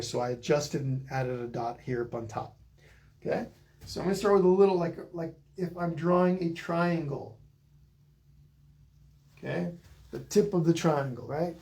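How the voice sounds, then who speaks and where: A middle-aged man guides viewers through a live online painting class. He talks in a relaxed, chatty way and stops to greet viewers by reading their comments. His voice sits a little higher than most men's. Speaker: painting instructor.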